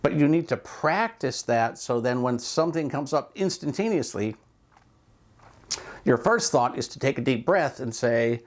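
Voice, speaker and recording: A man's voice: mid-range voice, lively intonation, measured pace. A man, a speaker and coach, talking casually and reflectively about mindfulness, with loose asides and examples of self-talk.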